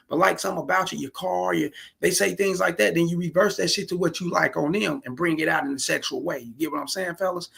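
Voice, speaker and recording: A man talks through a clip in loose, crude reaction commentary. His voice sits a touch high and carries a gravelly, husky edge, and he lays out his blunt advice straight to the fellas. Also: fairly bright tone.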